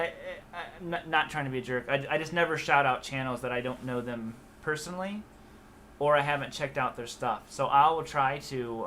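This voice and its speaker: A young man hosts a live guitar stream, rambling in a relaxed way and reading viewers' chat comments aloud. His voice is medium-pitched, and the recording has a slight hiss or hum.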